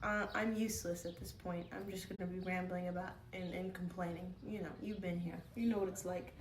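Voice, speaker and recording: A woman's voice: fairly low pitch, steady tone, brisk, echoey room, far from the mic, a little hiss or hum. A tired woman streaming live, chatting casually and cooing baby talk at her pet.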